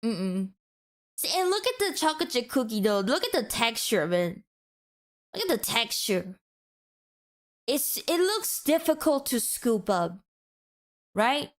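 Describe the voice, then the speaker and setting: A woman's voice: high-pitched, sing-song, a little slow, long pauses. A woman streamer giving a mock-passionate, teasing rant to her chat in a playful, dramatic way.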